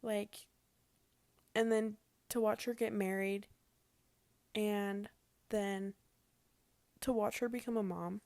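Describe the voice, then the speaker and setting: A woman's voice: mid-range voice, fairly even intonation, takes it slowly, pauses often, a little mellow, no room sound. A young adult woman casually telling a personal story to her viewers, chatty and emotional, with lots of "like". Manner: chatty and emotional, says "like" often. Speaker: vlogger.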